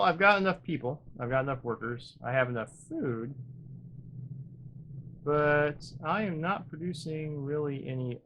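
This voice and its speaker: This gaming channel host, a man with a medium-pitched voice, thinks aloud through casual commentary full of wry, self-deprecating humor. He drifts between upbeat remarks and quiet muttering.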